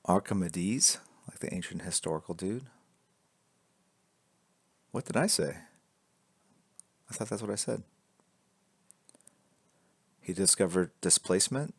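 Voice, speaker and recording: A man's voice: deep voice, animated, a little slow, creaky, long pauses, breathy edge, dry recording. A man streaming a live drawing lesson, explaining construction lines while he sketches, joking and reading chat aloud. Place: indoors at a drawing board. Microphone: camera fixed to drawing board.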